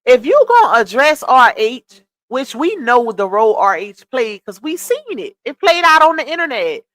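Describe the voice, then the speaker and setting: A woman's voice: sits high, very animated, normal speed, a bit bright, no echo. A woman hosting a casual livestream, chatting with viewers, reading comments aloud and laughing often. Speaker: livestream host.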